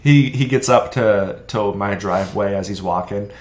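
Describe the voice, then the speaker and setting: A young man with a low voice co-hosts a casual podcast. He talks with animated energy and acts out the voices of people in his stories. The recording has a roomy echo. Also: normal speed. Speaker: podcast co-host. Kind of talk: casual chat.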